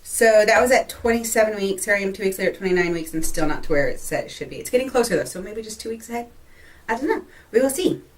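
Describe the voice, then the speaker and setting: A woman's voice: medium pitch, animated, fast talker. A young woman from Texas chatting casually in a pregnancy vlog, laughing often, full of fillers and a little short of breath. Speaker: vlogger. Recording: voice a bit far from the mic.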